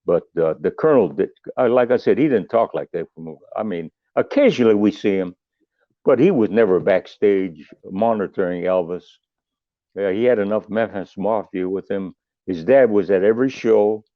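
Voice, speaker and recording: A man's voice: on the low side, normal speed, dry recording. Older guy rambling thru old stories on a tinny phone call, kinda salty. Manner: rambling, salty anecdotes with restarts. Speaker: podcast guest, musician. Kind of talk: casual storytelling. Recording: tinny phone line, dry.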